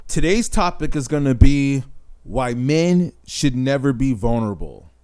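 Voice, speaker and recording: A man's voice: mid-range voice, background noise. A man, hosting a channel and talking bluntly and emphatically, often tagging lines with "man" and "right?". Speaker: channel host. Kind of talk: casual monologue to camera.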